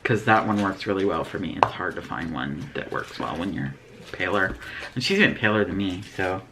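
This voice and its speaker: An easygoing woman hosting a beauty unboxing video. Her voice sits remarkably low and swings up and down with lively intonation. She keeps things chatty and unhurried. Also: a little hiss or hum. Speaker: beauty vlogger host. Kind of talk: casual unboxing chat.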